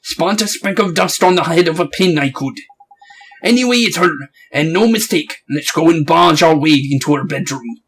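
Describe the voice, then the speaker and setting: A man's voice: a little high, normal speed, a bit bright, breathy edge. A man voicing a chatty, cheeky male fairy companion, full of blunt, folksy slang, in a game playthrough.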